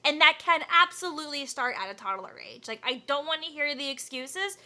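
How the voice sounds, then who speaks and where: A woman's voice: sits high, expressive, brisk, sharp tone. A young woman giving blunt, profane, exasperated commentary while reacting to online videos.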